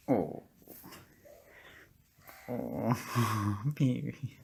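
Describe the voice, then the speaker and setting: Woman, pet owner on home video; unhurried, coaxing cat-talk with whispers. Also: deep voice, lively intonation, darkish tone, breathy edge. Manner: coaxing, fond baby-talk to the cats, often whispering. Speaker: cat owner filming her pets. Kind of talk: casual home video, talking to pets.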